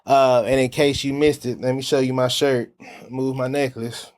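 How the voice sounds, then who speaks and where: A man's voice: mid-range voice, level tone, moderate pace, darkish tone. A man hosting a casual studio talk show with a group of guests, laid-back and often saying "you know what I'm saying.". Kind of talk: casual chat.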